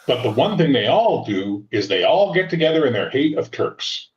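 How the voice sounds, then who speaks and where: A man in loose banter with a co-host, cracking profane jokes and leaning on "like" as filler. His voice sits at a middling pitch. The recording sounds dull and lo-fi. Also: very animated, moderate pace, crowd noise. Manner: joking, profane, uses "like" as filler. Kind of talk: casual chat.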